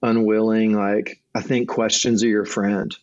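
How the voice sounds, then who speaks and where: A man's voice: lowish voice, little pitch movement, a little slow, darkish tone, no echo. A middle-aged man, a marriage coach and guest, talking earnestly in a casual conversation with frequent restarts, on a dull lo-fi recording.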